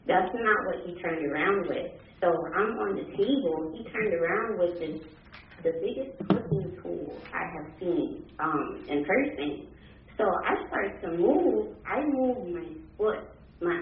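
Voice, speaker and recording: A woman telling her own story in a halting way, with many fillers and restarts. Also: mid-range voice, a little hiss or hum. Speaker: caller giving testimony. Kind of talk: personal account. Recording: distant muffled phone line with room echo.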